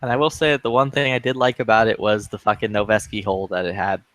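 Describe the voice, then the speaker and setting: Speaking fast in a fairly low voice, with no echo, a man tears through a long, profane anecdote in casual chat. He's a lobby chat regular who brings the story's characters to life with quoted voices.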